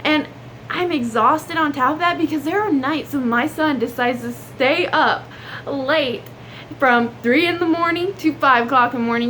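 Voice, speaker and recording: A young woman with a drawl talks to her viewers in a casual, earnest advice vlog. Her voice sits high and bright in pitch. A faint hum of room noise runs underneath. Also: normal speed. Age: young adult. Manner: chatty, earnest, drawling with y'all. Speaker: vlogger.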